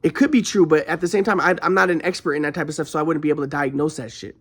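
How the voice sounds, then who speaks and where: A fairly high, steady, slightly bright voice races along as the vlogger recounts his own story in an echoey room. He's agitated and cursing, constantly repeating himself and beginning sentences anew.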